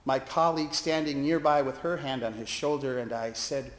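Expressive preacher man in echoey church. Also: medium pitch, normal speed. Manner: expressive, acting out quoted voices. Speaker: pastor and hospital chaplain. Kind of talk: sermon with storytelling. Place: church sanctuary.

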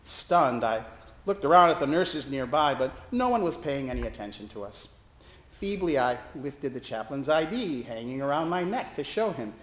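A man's voice: medium pitch, normal speed, roomy sound, a little hiss or hum. A man, a chaplain, telling a personal story as a monologue with wry, self-deprecating humor. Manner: self-deprecating, wry, lively delivery with laughs.

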